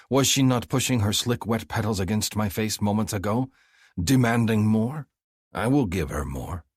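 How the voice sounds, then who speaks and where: A man reading a novel aloud in first person, measured and intense. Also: lowish voice, no echo, clean studio sound. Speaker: audiobook narrator. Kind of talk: scripted first-person narration.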